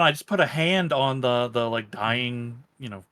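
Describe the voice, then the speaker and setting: Man, tabletop player, bright voice, tentative and halting. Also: mid-range voice, no room sound. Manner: tentative, stumbling over words. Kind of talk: casual tabletop play.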